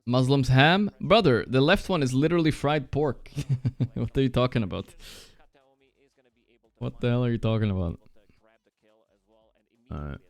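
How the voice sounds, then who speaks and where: A young man streaming live, chatting casually, reacting loudly and swearing often while he plays a guessing game. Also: mid-range voice, animated, unhurried, long pauses, dry recording.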